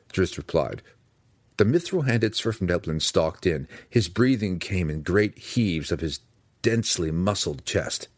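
A man narrating a fantasy novel as an audiobook, in a measured, expressive storytelling manner. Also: low-pitched, dry recording.

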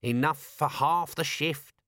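A man's voice: a little high, slow, fairly bright tone, no room sound, clean studio sound, pitched above the performer's own voice. A man voicing a cheerful, scruffy male corporal with cheeky common speech.

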